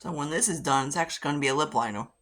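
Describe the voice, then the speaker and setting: A woman's voice: sits low, racing, fairly bright tone. A woman chatting casually while doing her makeup, rambling and swearing freely. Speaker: beauty vlogger. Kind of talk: casual get-ready-with-me chat.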